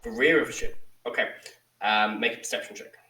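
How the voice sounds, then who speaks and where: A man narrating a tabletop game as game master, relaxed, with frequent ums, slowing down for dramatic description. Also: medium pitch, recorded from a distance, a little hiss or hum. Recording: echoey room, off the mic.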